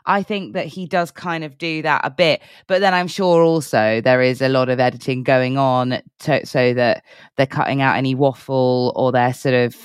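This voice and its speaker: A woman's voice: rumbling low, fairly even intonation, moderate pace, clean tone, dry recording, studio quality. A woman co-hosting a casual podcast chat, rambling with self-deprecating, jokey asides. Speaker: podcast co-host.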